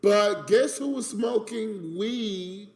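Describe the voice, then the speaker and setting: A man telling a story about his family in an animated, emphatic way. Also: sits high, takes it slowly. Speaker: streamer in a played clip. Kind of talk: casual storytelling rant.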